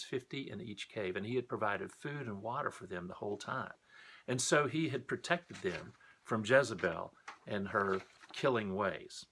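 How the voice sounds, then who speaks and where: A man's voice: fairly low pitch, a bit bright, breathy edge. A man teaching a recorded Sunday school lesson, telling a Bible story in a friendly, explanatory way.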